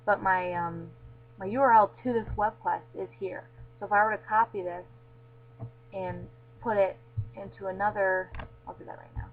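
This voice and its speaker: A woman walking through a web tool in a casual screencast tutorial, filling pauses with frequent ums. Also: medium pitch, fairly even intonation. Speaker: tutorial presenter. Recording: tinny lo-fi mic with faint hum.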